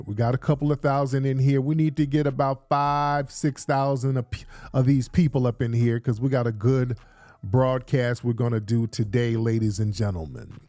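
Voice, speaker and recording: A man's voice: medium pitch, darkish tone, dry recording. Chatty hyping male livestream host. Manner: hyping, chatty, repeats phrases. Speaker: show host. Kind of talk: casual livestream talk. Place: indoors in Los Angeles.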